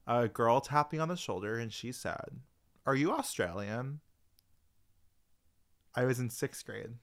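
Male co-host, Long Island/Queens accent, drops R's, gravelly, dry deadpan humor. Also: mid-range voice, a little slow. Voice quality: speech impediment, drops his R's. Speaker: podcast co-host. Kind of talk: casual chat.

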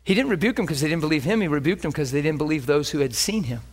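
A male preacher giving a conversational sermon, animated with laughing asides. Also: a little high, very fast.

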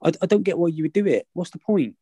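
A man's voice: a little high, animated, fast talker, warm tone, breathy edge, no room sound. A man co-hosting a football podcast, given to exasperated rants. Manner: ranting, exasperated. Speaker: podcast co-host. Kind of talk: casual football chat.

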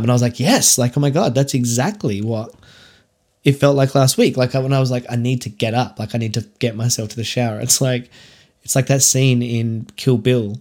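A man's voice: medium pitch, normal speed, creaky, a little mellow. Candid Australian man podcasting solo. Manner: candid, rambling, lots of fillers and restarts. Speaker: podcast host.

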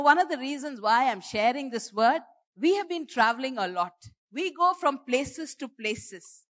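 A woman preaching a sermon, impassioned and repetitive, slowing down to stress key phrases. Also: high-pitched, fairly bright tone.

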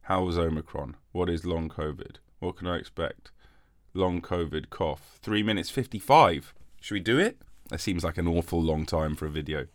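A man's voice: low voice, normal speed, no room sound. A man hosting a comic solo podcast, rambling and mock-defensive, with a lingering cough after covid. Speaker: podcast host.

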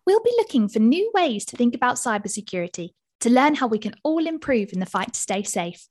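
A woman with a high, lively voice that rises and falls a lot, co-hosting a podcast. She asks questions in a bright, friendly way, and the pitch swings widely. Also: fairly quick. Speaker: podcast co-host. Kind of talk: scripted podcast hosting and interviewing.

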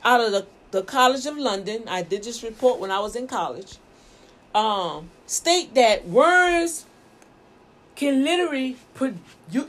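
A woman minister and show host, preaching emphatically with rhetorical questions and repeated words. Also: sits high. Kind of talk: preaching talk.

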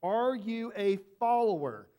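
A man with a notably high voice preaches to his congregation in a conversational way. He poses rhetorical questions and often repeats the first words of a sentence before pressing on. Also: animated, slow, warm tone. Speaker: pastor. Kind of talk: sermon.

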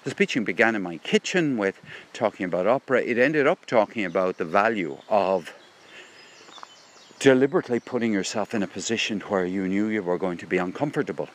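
A man's voice: on the low side, animated, fairly quick, a little hiss or hum. A middle-aged man musing aloud in a rambling spoken diary, recorded outdoors beside a stream on a handheld phone. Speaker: vlogger.

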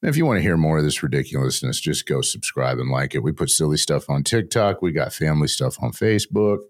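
Older man, podcast host, very deep voice, rambling jokey chatter, casual talk. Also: lively intonation. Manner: rambling, jokey, talks without pause.

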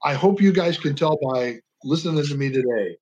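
Earnest older man, lively storyteller. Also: a little high, fairly quick, lo-fi sound, slight background noise. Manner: earnest and passionate, shifting his inflection for emphasis. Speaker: guest, veteran advocate. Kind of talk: storytelling radio interview. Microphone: radio call-in line.

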